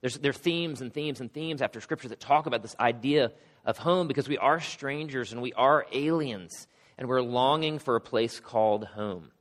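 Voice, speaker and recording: A middle-aged male pastor with a cold and a hoarse voice, preaching a sermon with casual joking asides. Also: mid-range voice, normal speed. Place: church sanctuary. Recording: long hall reverb.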